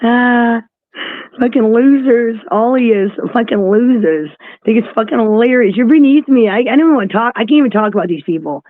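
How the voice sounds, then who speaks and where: A woman's voice: fairly high pitch, lively intonation, a little fast, dry recording. A woman ranting on a livestream, mocking and scornful, swearing constantly. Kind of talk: heated livestream rant. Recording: tinny phone-like line.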